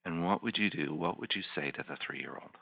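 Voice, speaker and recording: Deep-voiced man guiding a calm visualization. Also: fairly quick, creaky, no room sound. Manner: soft, repetitive, soothing coaching. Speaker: healing practitioner guiding a volunteer. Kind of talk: slow guided imagery session. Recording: dull lo-fi teleconference line.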